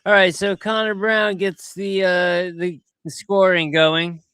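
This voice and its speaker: Male podcast host, a touch high, smooth and clear, rambling casual commentary. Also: dry recording. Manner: rambling, chatty, quick to get excited. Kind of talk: casual commentary over video clips.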